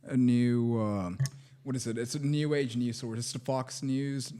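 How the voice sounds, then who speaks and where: A man co-hosting a comedy podcast, talking in a halting, self-deprecating way. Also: medium pitch, fairly even intonation, warm tone. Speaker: podcast co-host. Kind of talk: casual comedic chat.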